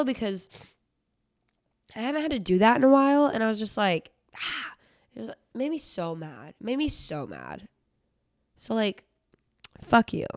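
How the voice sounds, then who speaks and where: A woman's voice: lowish voice, vocal fry, clear, resonant tone, dry recording, studio quality. A young woman hosting a casual solo podcast, telling a story in a chatty, rambling way with lots of swearing and filler words. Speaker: podcast host.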